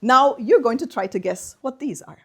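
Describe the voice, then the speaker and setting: A woman's voice: a little high, lively intonation, moderate pace, husky. A woman from Malta, giving a university seminar talk and playfully drilling the audience in phrases. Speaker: guest speaker.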